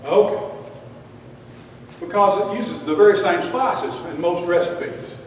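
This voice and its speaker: A man preaches in a folksy, joking way, peppering his sermon with homespun sayings. His voice sits high and carries from some distance off the mic. The sound rings through a big echoey church hall. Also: normal speed, a little hiss or hum.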